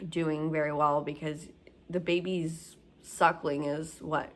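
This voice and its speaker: Young mom telling her story, slightly low voice, rambly with tons of fillers. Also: little pitch movement, slow pace. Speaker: new mother telling her birth story. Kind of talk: casual storytelling.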